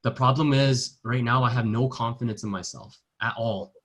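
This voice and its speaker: A man's voice: medium pitch, normal speed. A young man giving an earnest personal testimony in a sales training talk, acting out the dialogue he quotes. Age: young adult. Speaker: network marketing distributor.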